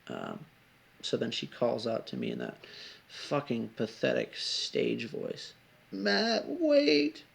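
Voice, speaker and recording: Brief: rambling confessional vlogger, man, very gravelly voice, lots of swearing. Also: medium pitch, wildly swooping pitch, slow. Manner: rambling, heavy swearing, frequent asides. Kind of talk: confessional storytelling vlog.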